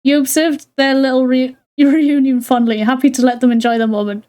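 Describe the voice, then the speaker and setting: A woman's voice: high voice, flat delivery, brisk, darkish tone, clean tone. A woman streamer reading a visual novel aloud to her chat, giggling often and breaking off with chatty asides.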